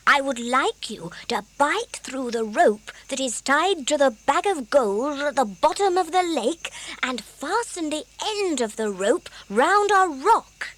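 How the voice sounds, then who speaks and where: A woman voicing a brave, cheerful male gnome who is often hushed and eager. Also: high voice, animated, measured pace, voice pushed up.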